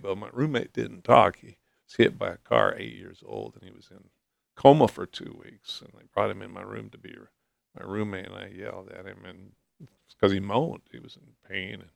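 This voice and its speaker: Low gravelly guy, soft and halting, dry close studio mic. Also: no echo. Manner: halting, soft-spoken testimony with restarts. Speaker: guest. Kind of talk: personal storytelling interview.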